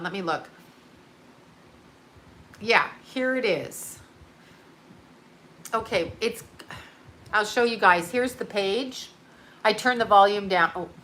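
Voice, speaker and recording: Bright-voiced woman ranting on a livestream. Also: a little high. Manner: rambling, emphatic, swears, reads viewer comments. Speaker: psychic livestreamer. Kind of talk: unscripted livestream rant.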